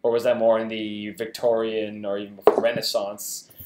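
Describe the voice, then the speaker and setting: A man's voice: fairly low pitch, flat delivery, normal speed, roomy sound, very noisy. A man co-hosting a casual game livestream, joking around and rambling playfully. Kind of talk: casual chat.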